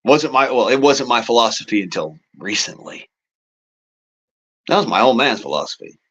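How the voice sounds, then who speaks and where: A man's voice: medium pitch, animated, moderate pace, a bit bright, slightly rough, dull audio. A man hosting a casual political monologue, talking in a rambling, profane way with folksy turns of phrase. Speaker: show host.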